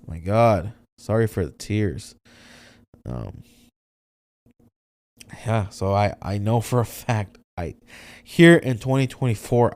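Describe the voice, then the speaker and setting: A young man hosting a solo podcast, speaking candidly in a halting, emotional way, near tears and swearing often. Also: lowish voice, a little mellow, dry recording. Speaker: podcast host.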